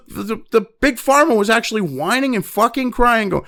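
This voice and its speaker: A man delivers a profane opinion rant, angry and mocking. His fairly high voice swings widely in pitch and carries a gravelly edge. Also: big pitch swings, fairly quick, hardly any pauses, a bit bright. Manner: angry, heavy swearing, mocking quoted voices. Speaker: commentary show host.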